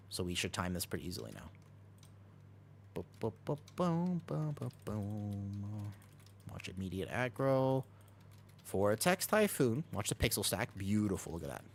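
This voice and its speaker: A man commentating his own game from a home streaming room, his voice rising and falling a lot as he reacts to the action. His voice sits on the low side, and he switches between coaching teammates and chatting with viewers. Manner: talks fast over gameplay, jumps between coaching and chatting. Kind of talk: live gameplay commentary and chat.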